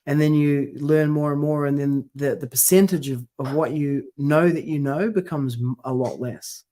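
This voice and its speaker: A man's voice: a little high, fairly even intonation, normal speed, warm tone. A man co-hosting a podcast in casual chat, rambling through stories and acting out the quotes. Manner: rambling storyteller, acts out quotes. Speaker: podcast co-host.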